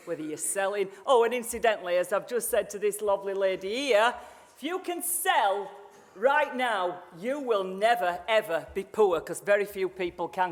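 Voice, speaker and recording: A middle-aged woman with a Yorkshire accent giving a motivational keynote speech on sales, blunt and jokey with mild cursing. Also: mid-range voice. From Yorkshire, England. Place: large conference hall. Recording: reverberant conference hall.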